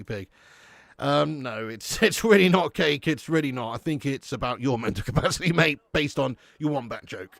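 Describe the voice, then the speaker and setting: A man's voice: medium pitch, vocal fry, no echo. A man from Dorset with a southern English accent, hosting a live stream and bantering casually with the chat, slangy, swearing and laughing. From Dorset, England. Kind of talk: casual watch-along chat reading live chat.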